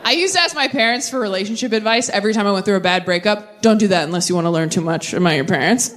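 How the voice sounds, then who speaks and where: A young woman doing a stand-up set with crowd work, chatty and animated, drifting into tangents and catching herself. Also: medium pitch, very fast. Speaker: stand-up comedian. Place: comedy stage before a live audience. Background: audience laughter.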